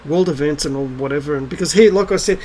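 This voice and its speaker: A middle-aged spiritual vlogger rants to camera in a slightly high, somewhat mellow voice at a quick pace, swearing freely and sounding blunt and scornful. The low-quality recording has slight background noise.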